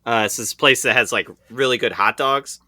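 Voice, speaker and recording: Bright-voiced wisecracking man. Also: mid-range voice, moderate pace, no echo, clean studio sound. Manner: wisecracking, joking interjections. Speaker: podcast co-host. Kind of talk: casual chat.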